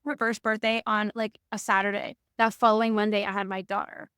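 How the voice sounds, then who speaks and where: A woman's voice: medium pitch, little pitch movement, a little fast, fairly bright tone, clean tone, no echo, studio quality. A woman hosting a podcast, talking in a loose, rambling way with many restarts. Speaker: podcast host. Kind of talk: casual conversation.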